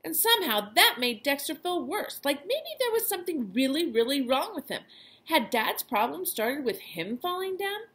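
Expressive woman reading a storybook. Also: high-pitched, moderate pace. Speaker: teacher. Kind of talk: reading a children's chapter book aloud.

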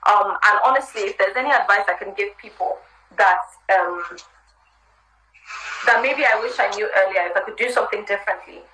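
A woman's voice: medium pitch, fairly quick, background noise. A woman with an American accent, the guest in a live chat interview, giving candid, chatty career advice. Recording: roomy live stream audio.

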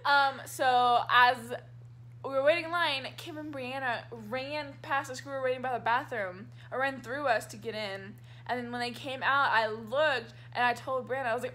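A young woman vlogger telling stories in casual chat from a hotel room, excitable and giggly, acting out what people said. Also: high voice, normal speed. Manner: excitable, giggly, acts out quotes.

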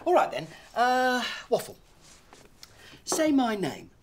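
A man's voice: very high voice, huge pitch swings, takes it slowly, slight background noise, exaggerated voice. An older man playing a grandfather who cheerfully coaches his dog through letter sounds. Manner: cheery, encouraging teacherly tone. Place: outdoors in a garden and indoors at home.

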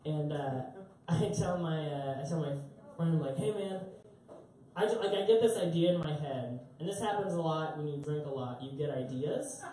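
A young man performs stand-up in a club, rambling and poking fun at himself with plenty of filler words. His voice is mellow and dark. The sound is very echoey and picked up from some distance, with faint room noise behind. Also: fairly high pitch, normal speed. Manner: rambling, self-mocking storytelling with many fillers. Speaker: stand-up comedian. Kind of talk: live stand-up comedy. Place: concert club stage.

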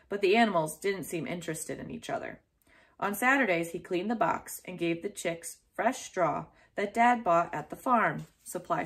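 A woman reading a children's chapter book aloud in a gentle, steady storytelling manner. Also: on the low side.

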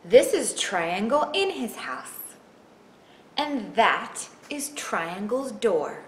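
Slow, expressive woman reading to kids. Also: medium pitch. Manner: slow, expressive storytelling asking children questions. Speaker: children's librarian. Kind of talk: picture-book read-aloud. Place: library. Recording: echoey room, faint background noise.

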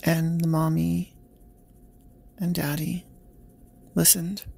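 Male bedtime-story narrator: gentle, slow, husky, flat. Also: fairly high pitch.

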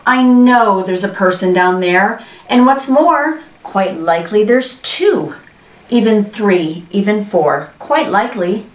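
Brief: earnest, loyal storybook elephant, slow and pleading, read by a woman in a roomy space away from the mic. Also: medium pitch, animated, recorded from a distance. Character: kind, worried, loyal male elephant. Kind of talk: storybook reading.

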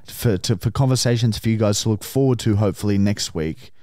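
A man's voice: fairly low pitch, a little fast, no echo, clean studio sound. A man co-hosting a comedy podcast, reading out dating-app chats with lots of swearing. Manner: reads messages aloud in animated put-on voices, swearing freely. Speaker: podcast co-host.

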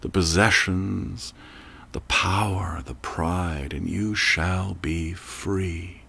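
A man voicing God as a calm, commanding voice from above that speaks low and unhurried. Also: gravelly, slightly rough, heavily acted.

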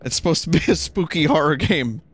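A man's voice: a little high, expressive, brisk, a little hiss or hum. A man streaming a horror game, giving casual commentary in a joking, self-mocking, rambling way. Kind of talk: casual let's-play commentary.

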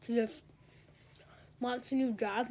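A woman's voice: a little high, steady tone, slow pace, a little mellow, slight background noise. A teenage girl rambling and gossiping in a casual vlog, a bit congested and talking while she eats in bed. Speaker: vlogger.

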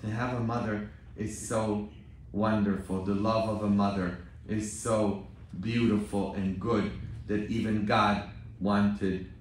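Slow-preaching priest in echoing church. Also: male voice, on the low side, flat delivery, a little hiss or hum. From Poland. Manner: storytelling, with frequent questioning "hmm?" asides to the congregation. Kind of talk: sermon. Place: large church. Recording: very echoey church from a distant mic.

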